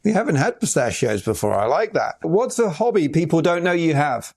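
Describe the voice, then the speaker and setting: A man hosting an interview, asking quick questions with upbeat reactions. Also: on the high side, very animated, creaky, darkish tone, slightly rough. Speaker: interview host. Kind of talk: casual interview chat.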